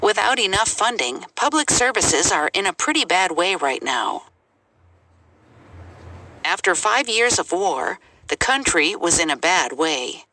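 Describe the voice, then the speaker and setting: A woman reading English example sentences aloud in a clear, measured way for a language lesson. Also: fairly low pitch, very animated, pushed and bright. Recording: noisy recording.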